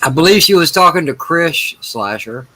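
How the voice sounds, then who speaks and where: A man's voice: fairly high pitch, expressive, normal speed, bright, forceful tone, a little hiss or hum. A man hosting a casual online group chat from the United States, laid-back and teasing. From USA.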